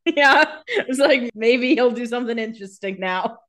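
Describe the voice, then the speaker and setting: A woman's voice: fairly high pitch, expressive, moderate pace, fairly bright tone. A woman co-hosting a casual podcast, chiming in with laid-back reactions to a TV recap. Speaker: podcast co-host.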